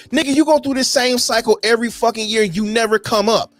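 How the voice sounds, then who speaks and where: A man co-hosting a podcast, ranting loudly and profanely in a heated casual debate that builds to shouting. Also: very high-pitched, quick pace, no echo, faint music behind. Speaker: podcast co-host.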